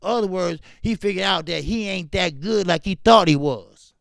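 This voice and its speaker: A man's voice: high voice, moderate pace, vocal fry, fairly bright tone, no room sound, studio quality. A man hosting a boxing talk stream, ranting fiercely with lots of repetition and profanity while greeting his chat. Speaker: boxing talk show host. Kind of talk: live-stream commentary, reading chat.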